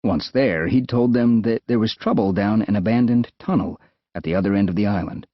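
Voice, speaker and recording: A man with an American accent narrating an adventure audiobook in a lively, expressive way. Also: on the low side, brisk, no echo. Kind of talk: scripted narration. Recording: dull, dry studio sound.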